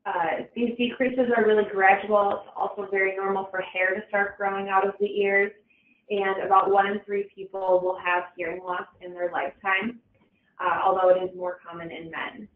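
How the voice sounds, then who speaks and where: Woman presenting over tinny echoey audio. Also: mid-range voice. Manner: casual, with frequent fillers and restarts. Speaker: webinar presenter. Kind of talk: informal educational presentation. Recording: echoey, distant, phone-like webinar audio.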